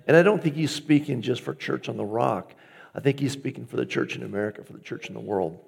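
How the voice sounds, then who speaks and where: A man's voice: mid-range voice, quick pace, gravelly. A man preaching a conversational, storytelling sermon as pastor, acting out his own inner dialogue.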